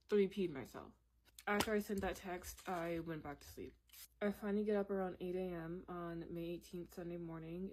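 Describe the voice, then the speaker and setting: A woman in her twenties recounts a personal story in a candid story time vlog. Her voice sits a little low, and her delivery is loose and conversational. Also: a little mellow. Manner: candid, conversational, laughs while telling.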